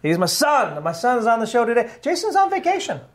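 A man's voice: very high-pitched, wildly swooping pitch, fast. A man, a pastor hosting a casual morning Bible study chat, joking and often laughing at his own stories. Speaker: pastor and show host.

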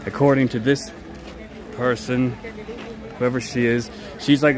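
A man's voice: medium pitch, flat delivery, unhurried, long pauses, music in the background. A man streaming live on his phone, walking an outdoor night market and joking theatrically. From United States. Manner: playful, theatrical and jokey. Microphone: handheld phone. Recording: phone mic with loud street crowd. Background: busy crowd chatter.

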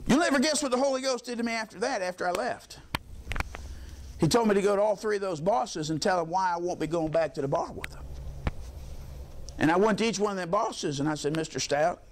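A pastor preaching from the pulpit in a fairly high voice. He tells homespun stories in everyday language and punctuates them with amens. There's a faint hiss underneath. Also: fairly quick. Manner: folksy storytelling, colloquial preaching with frequent amens. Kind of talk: sermon.

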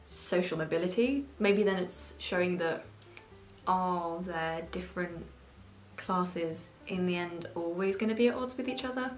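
A book vlogger in her twenties chats casually in a lowish, unhurried voice, swearing freely and saying "like" constantly. She's in an echoey room with faint music.

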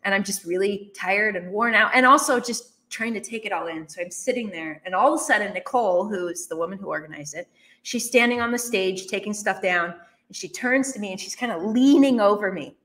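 A woman telling a personal story in a conversational interview, with animated, emphatic delivery. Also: mid-range voice, brisk. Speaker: guest. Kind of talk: storytelling in a podcast chat.

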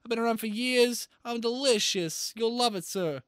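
With crowd noise in the background, a very high-pitched man speaks at a moderate pace. He's improvising a comedic bit on video chat as a boastful Italian chef with a put-on Italian-American accent, rambling through food lists and pleased with himself.

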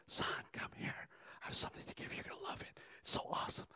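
A man's voice: fast, no room sound. A man voicing a loving father in whispered role-play, coaxing his son to come close. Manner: hushed, coaxing, beckoning.

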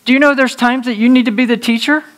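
A male pastor preaching a conversational sermon to his congregation, animated and joking, laughing at his own slips of the tongue. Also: very high voice, quick pace. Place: church sanctuary before a congregation.

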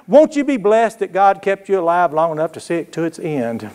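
Folksy preacher, fairly high voice. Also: male voice, sing-song, a little fast, few pauses, a little mellow. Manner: folksy storytelling with call-and-response asides. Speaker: pastor. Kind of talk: sermon.

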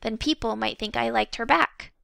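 Smug easygoing boy voiced by a woman, unhurried, with a raspy edge. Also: on the high side, no room sound, heavily acted. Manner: smug, relaxed. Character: cocky easygoing schoolboy.

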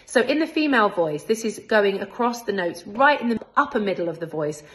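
A woman's voice: medium pitch, animated, brisk. A woman with a British accent, a singing teacher and choir director, explaining vocal technique step by step in a friendly, encouraging way. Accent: British English. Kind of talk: vocal technique lesson with sung demonstrations.

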